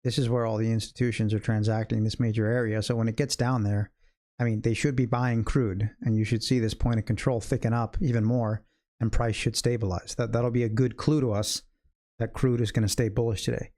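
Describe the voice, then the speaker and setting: A man walks viewers through the markets as he trades live. His pitch sits in the middle, and his sentences are loose and conversational as he reasons out loud. He often turns to address people watching in the chat. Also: little pitch movement, a little fast. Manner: thinks aloud in loose, chatty sentences; talks directly to chat viewers. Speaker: day trading educator and livestream host. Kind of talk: live trading commentary.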